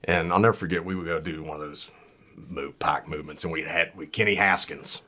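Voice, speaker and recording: Podcast co-host, man, bright tense tone, folksy earnest storyteller. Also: a bass voice, steady tone, fairly quick. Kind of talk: casual storytelling chat.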